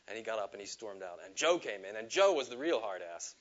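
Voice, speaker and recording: A man telling a personal story to a live audience, animated, laughing at himself and acting out the quotes. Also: on the low side, fast talker, dull audio. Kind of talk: storytelling talk. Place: stage before a live audience.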